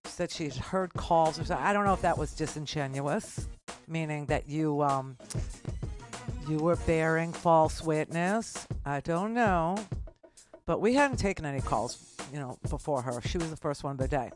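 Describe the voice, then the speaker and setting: A woman's voice: sits low, lively intonation, moderate pace, music in the background. Woman, radio talk host, effusive, chatty, casual call-in banter. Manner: effusive, chatty, calls people honey and baby.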